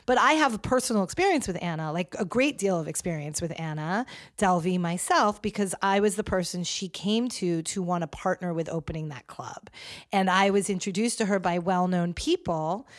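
A woman hosting a podcast, telling stories in a chatty, animated way. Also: fairly low pitch, normal speed. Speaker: podcast host. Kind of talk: casual chat.

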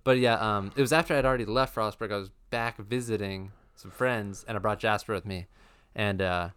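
Laid-back man with a smooth voice. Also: lowish voice, steady tone, a little fast, fairly bright tone, no room sound. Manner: laid-back, brief replies. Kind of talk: casual chat.

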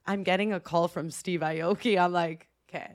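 A woman's voice: lowish voice, fairly even intonation, normal speed. A woman with a thick voice, co-hosting a podcast and telling a story in casual chat, acting out quotes and laughing often. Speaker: podcast co-host.

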